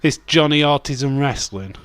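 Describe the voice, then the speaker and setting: A young streamer hosts a wrestling watch-along, giving casual live-stream commentary that rambles, swears, laughs, and reads chat aloud. His clear, resonant voice is mid-range, unhurried, and a bit bright, with no room sound.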